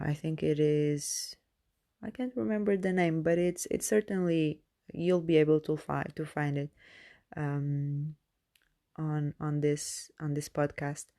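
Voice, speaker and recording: A woman podcast host who is not a native English speaker talks through self-help advice. Her voice sits low and warm, and she takes her time, pausing on fillers and restarting her sentences as she searches for words. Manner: hesitant, many fillers and restarts. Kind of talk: casual self-help monologue.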